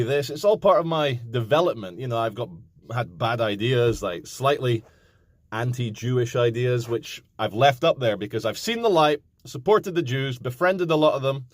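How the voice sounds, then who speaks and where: A man in his thirties talking to camera in a casual, animated rant, swearing and mocking other people. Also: mid-range voice, dry recording. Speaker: vlogger.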